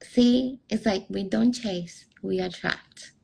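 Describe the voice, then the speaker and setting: A woman's voice: medium pitch, takes it slowly, gravelly, slight background noise, rough recording. A young adult woman, a relationship coach, telling a personal story in an interview and acting out the dialogue in it. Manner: animated, acts out quoted dialogue with raised voice. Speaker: relationship coach, podcast guest.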